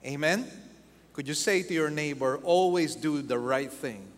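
A man's voice: fairly high pitch, a little slow, slight background noise. A man preaching a sermon as pastor, acting out quoted voices and repeating key phrases for emphasis. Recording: long hall reverb.

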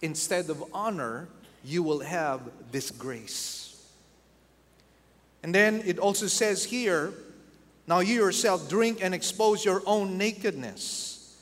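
A man's voice: high-pitched, lively intonation, slow pace, fairly bright tone. A man preaching a sermon as pastor, acting out quoted voices and repeating key phrases for emphasis. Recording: long hall reverb.

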